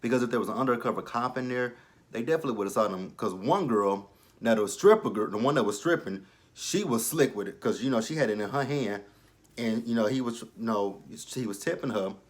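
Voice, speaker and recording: A man's voice: medium pitch, fairly quick. A young man casually recapping a TV episode, blunt and profane, with exasperated asides and frequent restarts. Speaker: show recapper.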